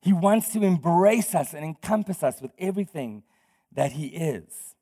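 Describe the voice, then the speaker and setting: High-pitched guy preaching, chatty, keeps asking the crowd questions and laughing, big echoey church hall. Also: animated, moderate pace, warm tone. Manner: conversational, quizzes the congregation, laughs often. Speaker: pastor. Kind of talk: sermon. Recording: long hall reverb.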